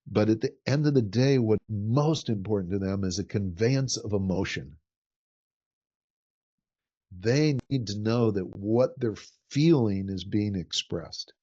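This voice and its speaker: A man's voice: mid-range voice, a little mellow. A man teaching a workshop in an earnest way, often repeating a word as he builds his sentences. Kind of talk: teaching talk. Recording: dull lo-fi recording.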